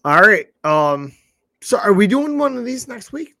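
A man's voice: sits high, a little slow, no room sound, clean studio sound. A man co-hosting a podcast in casual chat, swearing freely and acting out the people in his stories. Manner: animated, profane, acts out quoted voices. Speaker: podcast co-host.

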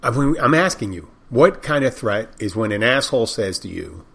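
A man's voice: medium pitch, big pitch swings, a little slow, hardly any pauses. Rambling older male bartender telling stories. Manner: rambling, frank, with restarts and profanity. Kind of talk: casual storytelling monologue.

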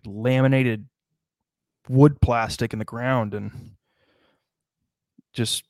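A man's voice: medium pitch, steady tone, takes it slowly, darkish tone, dry recording, studio quality. Profane, rambling man in casual chat. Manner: profane, rambling comic riffs.

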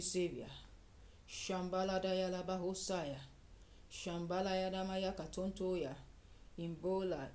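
A woman's voice: mid-range voice, dark tone. A woman leading a fervent prayer session, repeating lines and breaking into tongues. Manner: fervent, repetitive, with bursts of speaking in tongues. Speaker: prayer leader.

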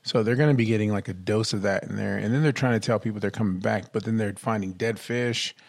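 Man, podcast co-host, low-pitched, playful, dry close sound. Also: vocal fry, no room sound. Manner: playful, jokey, drawn-out descriptions. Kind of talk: casual podcast chat.

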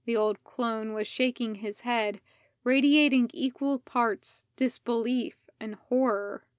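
A woman reading a fan fiction story aloud as narrator, slow and deliberate. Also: a little high, steady tone, no room sound, studio quality. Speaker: podfic reader.

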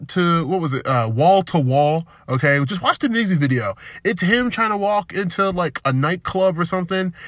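A man's voice: on the high side, fairly bright tone, dry recording, clean studio sound. A man hosting a solo podcast, rambling loosely and self-deprecatingly, drifting from topic to topic. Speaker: podcast host.

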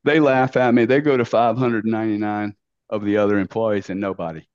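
A man's voice: fairly low pitch, steady tone, a little fast, darkish tone, clear, resonant tone, no echo. A middle-aged man, telling stories as a podcast guest in a brash, blunt way, full of slang and swearing. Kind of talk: casual storytelling interview. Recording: dull dry lo-fi sound.

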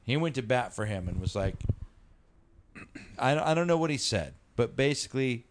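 A man's voice: mid-range voice, animated, normal speed, slight background noise. Rambling, profane podcast host man. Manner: loose, profane, rambling storytelling. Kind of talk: casual chat.

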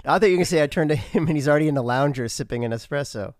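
A man's voice: fairly high pitch, very fast, a little mellow, no echo. Playful man, dry close sound. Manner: amused, playful listener who riffs back. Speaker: podcast co-host. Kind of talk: casual chat.

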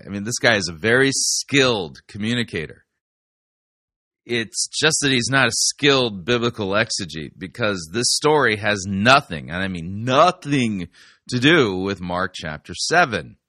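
A man's voice: on the low side, very animated, moderate pace, sharp tone, no room sound. A man giving dry, skeptical commentary on a sermon clip. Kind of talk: critical commentary.

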